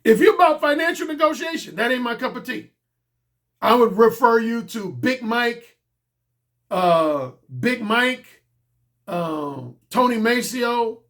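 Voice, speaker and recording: A man's voice: very high-pitched, expressive, slow pace, a bit bright. A middle-aged man giving a blunt, emphatic solo commentary as a dating coach, repeating his points for stress.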